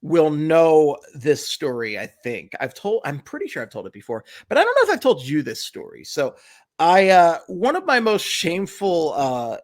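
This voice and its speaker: Podcast guy telling a story, acts out quotes loud, voice jumps all over. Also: fairly high pitch, wildly swooping pitch, moderate pace. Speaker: podcast co-host. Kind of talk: casual chat.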